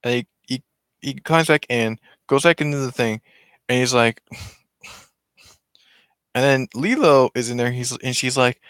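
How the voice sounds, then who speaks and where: A man's voice: mid-range voice, unhurried, a bit bright, clear, resonant tone, no echo, studio quality. A man casually retelling a film's story, rambling with many restarts and self-corrections. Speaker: vlogger.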